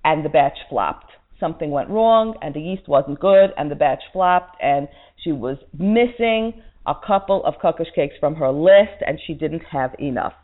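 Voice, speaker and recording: Expressive woman telling a sermon story. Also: deep voice, normal speed, hardly any pauses. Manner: expressive, swings from soft to loud. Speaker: religious speaker. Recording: tinny phone-like line.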